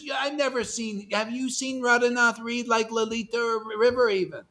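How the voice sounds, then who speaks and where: A man leading an online devotional class, talking in an animated, impassioned way that swings between loud urging and soft asides. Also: very high voice, moderate pace, few pauses. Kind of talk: impassioned casual teaching.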